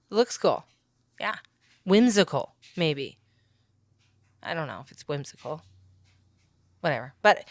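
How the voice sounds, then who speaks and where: A woman talks through her craft project in a loose, joking voice-over, full of self-mocking asides that trail off. Her voice is smooth and clear at a middling pitch. The recording is close-miked and dry. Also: fairly bright tone, no echo. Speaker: crafter narrating a build. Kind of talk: casual voice-over narration.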